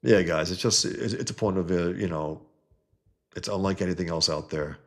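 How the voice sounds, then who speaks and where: A man's voice: low voice, normal speed. A man hosting a casual livestream, talking with enthusiasm and often repeating his words. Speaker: comic creator hosting a livestream.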